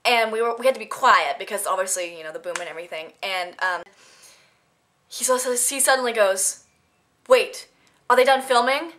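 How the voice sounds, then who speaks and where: A woman's voice: medium pitch, a little fast, sharp tone, slight background noise. A teenage girl talking casually to her camera in an unscripted vlog, rambling through funny stories and giggling now and then. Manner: chatty, giggly, rambling storytelling. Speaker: vlogger.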